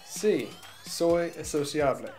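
A man's voice: a little high, expressive, takes it slowly, music in the background. A man whose first language is English, a student giving hesitant, unsure answers in practice. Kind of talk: casual lesson practice.

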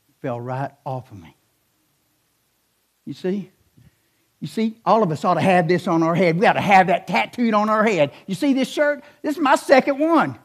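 Animated high-voiced pastor preaching. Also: male voice. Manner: storytelling, animated, rising to emphatic questions. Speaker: assistant pastor. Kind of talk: sermon. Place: church.

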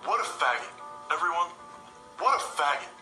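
A man's voice: fairly high pitch, sing-song, normal speed. Guy doing a smarmy talk show host voice, solemn, echoey with music. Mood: mock-solemn.

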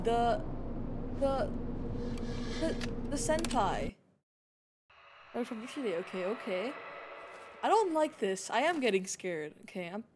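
A woman's voice: a little high, noisy background. A woman streaming a game and chatting playfully with her viewers in a teasing way. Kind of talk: casual game-stream chat.

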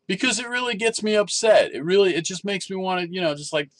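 A man ranting in a casual vlog, animated and rambling, with restarts and exasperated complaints. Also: high-pitched, quick pace. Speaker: vlogger.

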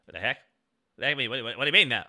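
A man live-streaming as a VTuber in casual, goofy chat, jumping between loud bits and low mumbled asides. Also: animated, rapid-fire.

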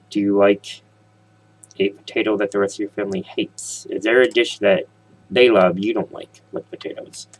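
Husky low-voiced man rambling over gameplay. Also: low-quality recording. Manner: rambling, jokey, talks straight to viewers. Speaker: let's play host. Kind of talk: casual gameplay commentary.

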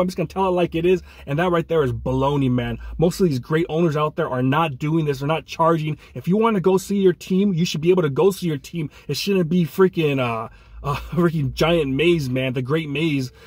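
A man's voice: fairly high pitch, no room sound. A man co-hosting a fan podcast, ranting angrily and ending phrases with "man". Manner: angry ranting, repeats "man". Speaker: podcast co-host.

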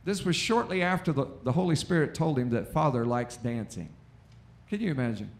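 An American man preaching a lively sermon in a church, with call-and-response and acted-out quotes. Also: medium pitch, a little fast, gravelly. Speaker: pastor. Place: church auditorium.

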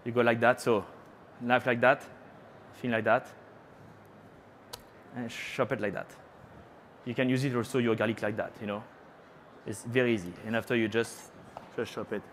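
A man's voice: medium pitch, steady tone, moderate pace, pauses often, a bit bright, a little hiss or hum. A man from France with a French accent, a chef giving a chatty live cooking demonstration on a trade show stage, teasing the audience and slipping into French phrases.

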